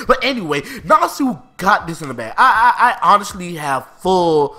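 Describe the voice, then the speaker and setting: A young man casually reviewing manga chapters, animated and excitable, full of slang and swearing. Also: high-pitched, moderate pace, few pauses, faint music behind. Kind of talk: casual chat.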